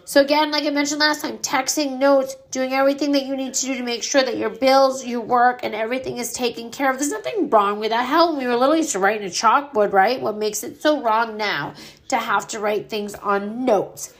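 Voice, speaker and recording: In a slightly high, brisk voice, a middle-aged woman delivers a grief monologue on the podcast she hosts. She's candid and earnest, and she doesn't hold back on swearing.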